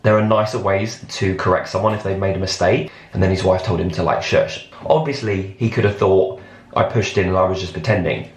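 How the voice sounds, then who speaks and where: A man's voice: deep voice, fairly even intonation, a little fast. A man vlogging in a chatty storytelling way, acting out lines of dialogue as he tells a story in an airport lounge. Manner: chatty, acts out his own and others' lines in quotes. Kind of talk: casual storytelling to camera. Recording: roomy echo.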